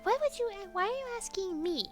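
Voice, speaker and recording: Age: child. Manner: earnest little girl. A woman voicing a very high-pitched sweet eight-year-old girl. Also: animated, fast talker, soft background music. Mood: puzzled. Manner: earnest, innocent, curious questions.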